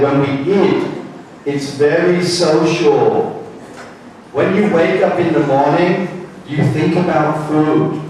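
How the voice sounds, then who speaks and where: A man's voice: fairly high pitch, darkish tone, a little hiss or hum. A man from England teaching a staff English class, using simple short sentences and repeating key phrases. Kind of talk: classroom lecture. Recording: echoey room from far off.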